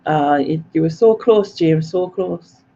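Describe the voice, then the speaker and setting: A woman's voice: low-pitched, a little slow, dark tone, muffled recording. A woman hosting a live quiz stream, chatty and self-mocking, laughing often as she reads out viewer comments. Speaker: quiz host.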